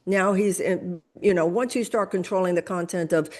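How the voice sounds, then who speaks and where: Older woman, lower voice, impassioned lecturing talk. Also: moderate pace. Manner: emphatic, lecturing, builds arguments with examples. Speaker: guest.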